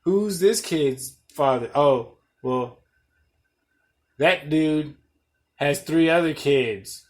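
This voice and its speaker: A man hosting a podcast, ranting bluntly and profanely, loud one moment and muttering the next. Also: on the high side, drawn-out words. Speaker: podcast host. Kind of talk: casual podcast rant.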